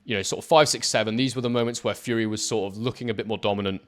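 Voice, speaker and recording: A man's voice: lowish voice, fairly even intonation, very fast, fairly bright tone. A man analysing boxing footage, speaking emphatically and addressing his viewers directly. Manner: emphatic, talks straight to viewers. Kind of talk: talking over fight footage.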